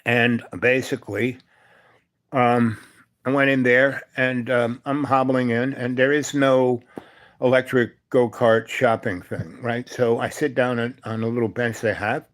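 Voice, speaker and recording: A man hosting a live stream, telling a meandering personal story full of fillers and asides, sometimes dropping to a soft, hushed voice. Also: medium pitch, fairly even intonation, a little slow. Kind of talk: rambling storytelling monologue.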